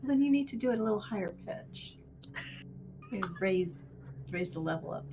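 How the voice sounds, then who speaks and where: A woman's voice: medium pitch, expressive, normal speed, music in the background. A woman player in a tabletop game, laid-back and wry, chatting in and out of character. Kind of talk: casual tabletop role-play chat.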